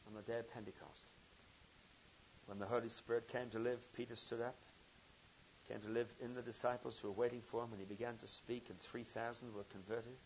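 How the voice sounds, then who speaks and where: A man preaching a sermon, telling a story with swings from loud emphasis to quiet intensity. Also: mid-range voice, flat delivery, fairly quick, dull audio, a little hiss or hum.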